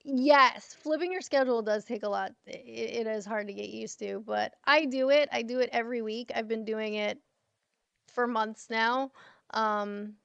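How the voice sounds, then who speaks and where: A woman's voice: fairly high pitch, measured pace, gravelly, fairly bright tone, clear, resonant tone, no echo, highs cut off. A tired woman in her thirties chatting casually to friends on a livestream, affectionate and swearing freely.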